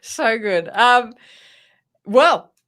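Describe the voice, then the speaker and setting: A woman's voice: a little high, lively intonation, very slow. A woman with an Australian accent co-hosting a casual live discussion, playful and joking. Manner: playful, joking, soft-spoken.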